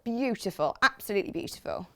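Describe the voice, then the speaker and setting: A woman's voice: on the high side, expressive, quick pace. A woman presenting fabrics on live shopping television, chatty and gushing, reading out viewer comments as she talks. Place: TV studio.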